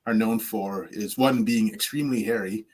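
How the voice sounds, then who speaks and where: A man with a low, husky voice chats as a guest on a panel show. He talks in a relaxed way, joking and pausing on fillers. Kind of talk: casual panel chat.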